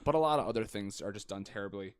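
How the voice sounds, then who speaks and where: A young man co-hosting a casual podcast, chatting in an animated way and breaking into exaggerated quoted reactions. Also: lowish voice, fast, smooth, no echo. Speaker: podcast co-host. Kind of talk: casual chat.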